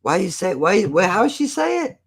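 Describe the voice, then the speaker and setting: A man's voice: sits high, sing-song, normal speed, creaky, noisy background. Profane man with a South Jersey accent. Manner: loose and profane, talks to chat. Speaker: streamer. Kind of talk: casual live-stream chat.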